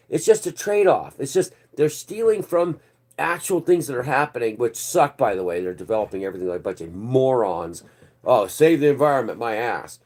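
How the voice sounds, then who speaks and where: A man's voice: medium pitch, a little mellow. Sarcastic man ranting on a news channel. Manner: sarcastic, rambling, swears freely. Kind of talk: casual ranting commentary.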